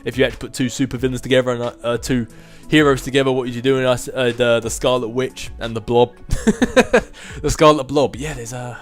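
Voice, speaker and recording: A man's voice: medium pitch, steady tone, a little fast, soft background music. A man in his twenties answering viewer questions in a casual chat, rambling, self-mocking and chuckling often. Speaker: gaming video host answering viewer questions.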